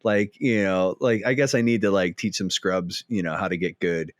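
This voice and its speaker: A man's voice: deep voice, fairly even intonation, moderate pace, no room sound, studio quality. A young man co-hosting a podcast in laid-back chat, full of "like" and gamer slang. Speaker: podcast co-host.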